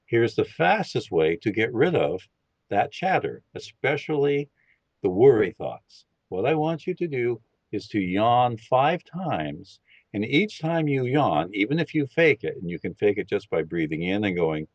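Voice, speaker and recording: Man, deepish voice, lively pitch, leads a calm guided meditation; lo-fi dry recording. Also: no room sound. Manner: calm, slow, instructive. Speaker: podcast guest leading a meditation. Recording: dull lo-fi, dry sound.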